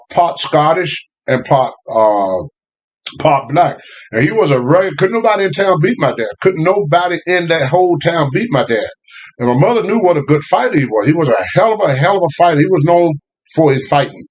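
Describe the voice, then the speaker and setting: Older man, casual storytelling, lively pitch, laughing, slightly high voice. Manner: animated, laughing, Southern US phrasing. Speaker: guest storyteller.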